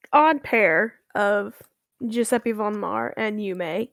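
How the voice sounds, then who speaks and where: Woman player in a tabletop game, slow and gravelly, kinda high, dry sound. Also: dry recording. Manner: relaxed, descriptive. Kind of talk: describing her tabletop character.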